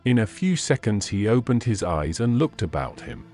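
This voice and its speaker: A man reading a classic short story aloud as an audiobook narrator, measured and expressive. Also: fairly low pitch, faint music behind.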